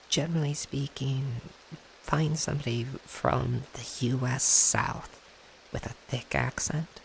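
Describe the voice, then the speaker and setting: A VTuber streamer talking in a whispered ASMR style in a relaxed, chatty way, answering chat close to the mic. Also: mid-range voice, slow, slight background noise, poor audio. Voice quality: soft whisper with gravelly fry.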